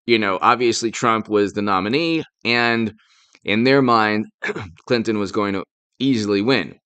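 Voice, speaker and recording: A man's voice: fairly low pitch, unhurried, bright, forceful tone, smooth, no echo. A man doing a casual political live stream, rambling and sarcastic, stopping to thank viewers who send donations. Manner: rambling, sarcastic, thanks super chat donors mid-talk.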